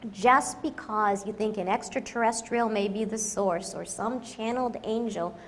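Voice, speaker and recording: A woman's voice: medium pitch, normal speed. A woman business consultant giving a humorous conference talk, joking and self-deprecating, with emphatic stresses. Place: large conference hall. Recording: reverberant conference hall, faint noise.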